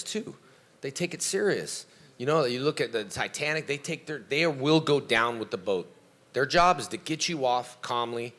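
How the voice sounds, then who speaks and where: On a convention panel, a karate teacher with a bright, forceful, medium-pitched voice answers questions from fans. His advice is motivational, centered on self-belief, and he puts on animated voices each time he quotes someone.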